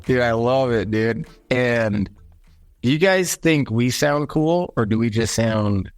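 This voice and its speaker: A man's voice: medium pitch, slow pace, clean tone, dry recording, soft background music. A young American man with an American accent, a guest chatting in a friendly, loose way. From United States. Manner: friendly, casual, says dude and like a lot. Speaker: podcast guest. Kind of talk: casual interview chat.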